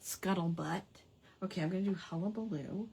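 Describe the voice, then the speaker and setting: A woman's voice: fairly low pitch, normal speed, creaky, warm tone, breathy edge. A woman hosting a casual craft hangout, chatty and playful, savoring quirky old words with giggles. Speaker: craft livestream host.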